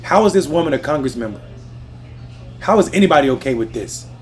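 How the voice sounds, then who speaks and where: A man's voice: fairly high pitch, big pitch swings, quick pace, darkish tone. A man hosting a political livestream, ranting with profanity and heat and talking straight to his chat, from a lounge. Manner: profane, fired-up, talks to the chat. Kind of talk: heated live political rant. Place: lounge in Washington with TVs on. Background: music and TVs in the background.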